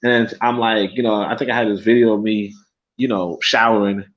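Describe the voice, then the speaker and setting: A man's voice: on the low side, fairly even intonation, a little fast. A young man hosting a casual livestream who rambles, swears freely, repeats himself and laughs often. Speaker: livestream host. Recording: dull lo-fi stream audio.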